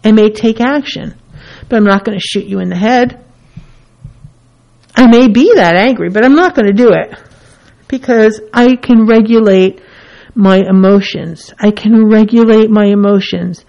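A woman's voice: mid-range voice, a little slow, vocal fry, dark tone. A woman therapist in a casual teaching talk, who acts out the feelings she names with her voice. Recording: dull lo-fi recording.

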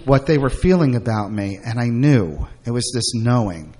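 A man's voice: mid-range voice, lively intonation, moderate pace, darkish tone. Casting: middle-aged man, guest, rambling candid storyteller with lots of fillers. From Brooklyn. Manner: rambling, frequent fillers and restarts.

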